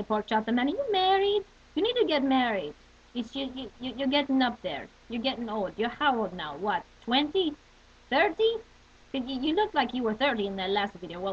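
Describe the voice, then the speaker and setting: A woman's voice: medium pitch, natural voice. A woman voicing a nosy, nagging old Jewish matchmaker with a phlegmy, throaty voice, on a muffled webcam recording. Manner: pushy, scolding, nosy. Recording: muffled webcam audio with faint hiss.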